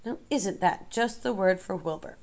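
A woman reading a storybook aloud, voicing a brisk, cheerful middle-aged male farmer. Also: medium pitch, a little mellow, lightly acted.

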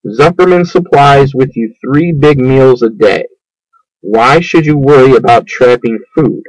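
A man voicing a wise, kind female spider who speaks calmly and patiently, reading a storybook aloud. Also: medium pitch, measured pace, dry recording, lightly acted, low-quality recording. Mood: gentle. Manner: calm, patient, instructing.

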